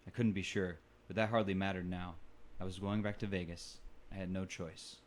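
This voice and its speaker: A man's voice: sits low, steady tone, moderate pace, slight background noise. A man hosting a book club podcast, reading a novel aloud and now and then stumbling over words.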